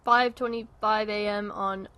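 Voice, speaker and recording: A woman's voice: medium pitch, steady tone, a little slow, pushed and bright, smooth. A young woman streaming a horror game. She reads the on-screen text aloud and rambles in a casual, self-deprecating way while eating dinner.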